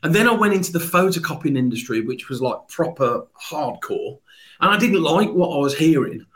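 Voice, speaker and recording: A man's voice: a little high, very animated, brisk. A man with a Birmingham accent, talking as a sales trainer guest in an upbeat, talkative podcast interview.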